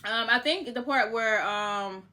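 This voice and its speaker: Brief: young woman vlogger, slightly high voice, blunt and profane storyteller. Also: a little slow, pushed and bright. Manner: candid, profane, repetitive retelling. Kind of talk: casual storytime vlog.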